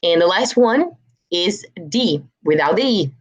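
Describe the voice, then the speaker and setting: A woman's voice: on the low side, lively intonation, unhurried. A young adult woman from Brazil with a Brazilian Portuguese accent, giving an online English pronunciation lesson and patiently repeating words for practice. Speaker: English teacher.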